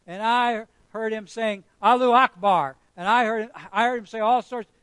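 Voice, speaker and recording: A man voicing eager, lying false witnesses in a sermon, loud and tattling. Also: high-pitched, fairly even intonation, normal speed, clean tone, dry recording, voice pushed up.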